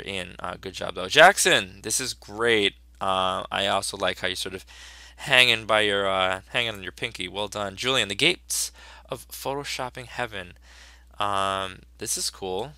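A man teaching a class, reviewing student projects in a chatty, upbeat way. His voice sits a little low but has a bright, forceful edge. It is recorded dry and close, with no room sound. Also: creaky, no room sound. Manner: upbeat, chatty, with frequent fillers. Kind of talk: casual review of student work.

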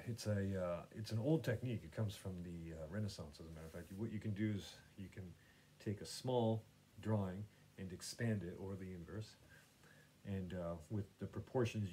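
A man's voice: on the low side, darkish tone, a little hiss or hum. A man hosting his own podcast, chatting casually about painting and gallery visits in a meandering way, full of fillers and restarts. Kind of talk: casual rambling chat.

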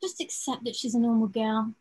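A woman's voice: fairly high pitch, steady tone, brisk, darkish tone, husky. A woman playing a teasing, sensible young woman in an online student drama. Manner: teasing, matter-of-fact. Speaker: student actor. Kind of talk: online amateur drama over video call. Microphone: video call.

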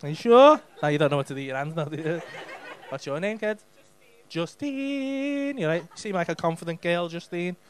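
A man's voice: on the high side, expressive, fairly quick. A male stand-up comedian, doing sweary, mock-exasperated crowd work on a comedy club stage.

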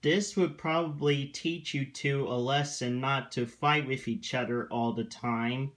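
Man doing a cheeky prankster engine from a storybook: smug male voice near his own, unhurried. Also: mid-range voice, fairly even intonation, fairly bright tone, lightly acted. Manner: smug, teasing.

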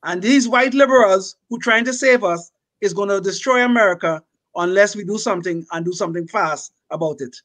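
An older man speaks as a panelist on a casual podcast. His voice sits notably high for a man. He talks emphatically and preachily, and he often tags his points with "okay?". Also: a little fast, a bit bright.

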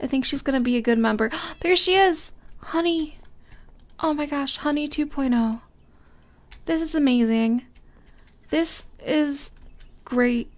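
Young woman, high-pitched, excitable, gushing gameplay chatter. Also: a little slow, pauses often. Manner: gushing, excitable, squeals of delight. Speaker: Minecraft let's play host. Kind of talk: casual gameplay commentary.

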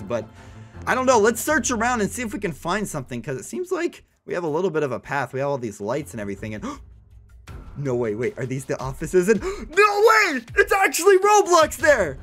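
A young man giving excited, breathless commentary while playing a video game, often repeating himself. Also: a little high. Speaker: gaming YouTuber.

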